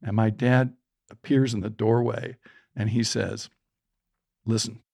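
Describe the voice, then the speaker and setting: A man in his sixties, a podcast guest telling a story from his childhood in an animated way and voicing the people in it. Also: lowish voice, a little slow, creaky, no echo, clean studio sound. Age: 60s.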